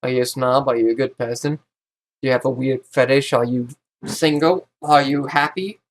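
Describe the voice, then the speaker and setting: A man's voice: mid-range voice, fairly even intonation, moderate pace. Rambling man giving a vlog monologue. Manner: rambling, self-interrupting, opinionated. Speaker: YouTuber.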